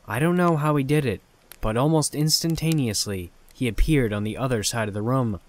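Man narrating a horror story calmly. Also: medium pitch, a little fast.

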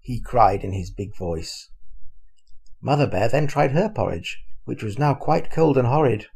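An older man reads a children's storybook aloud to his grandchildren. His voice is gravelly and husky, and it rises and falls with lively expression. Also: medium pitch, unhurried. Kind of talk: storybook reading.

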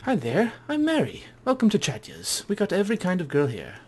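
A man's voice: high voice, huge pitch swings, brisk, husky, pitched above the performer's own voice, full character voice. A man doing a coy flirtatious tavern woman. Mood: flirty. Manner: coy, teasing.

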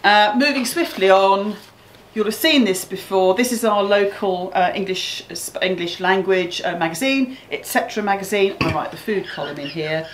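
A woman hosts a casual home cooking video from her kitchen, chatty and playful, poking fun at herself and her partner. Her mid-range voice echoes around the room against a noisy background.

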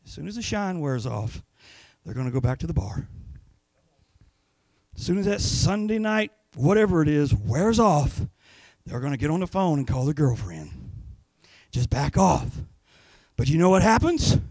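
A man preaching a Pentecostal sermon in church, swinging from hushed asides to impassioned shouted peaks. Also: fairly high pitch, very animated, moderate pace, long pauses, dry recording. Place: church sanctuary.

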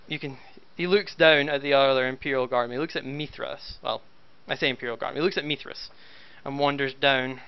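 A man running a tabletop game as game master, narrating slowly with fillers. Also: medium pitch, fairly even intonation, creaky, smooth. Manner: slow, halting narration with fillers. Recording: dull lo-fi voice chat.

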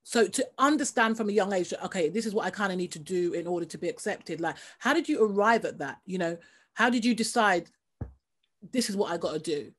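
A woman's voice: mid-range voice, lively intonation, fairly quick, a bit bright, breathy edge. A woman hosting a casual interview, talking in an emphatic, conversational way and laughing easily. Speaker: host.

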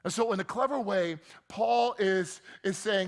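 A man's voice: high voice, measured pace. A man from New Jersey preaching a sermon in a conversational, joking way, often restarting his words. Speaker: pastor.

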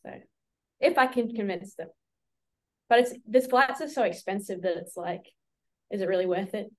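A woman's voice: medium pitch, normal speed. A young woman with an Australian accent, a college basketball player answering interview questions in an easygoing, chatty, teasing way over a video call. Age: young adult.

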